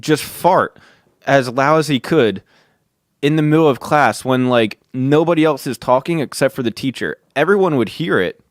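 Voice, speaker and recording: A man hosting a podcast, telling a story in a casual, excitable way, swearing and calling the listener "dude" again and again. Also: mid-range voice, moderate pace, no room sound, studio quality. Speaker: podcast host.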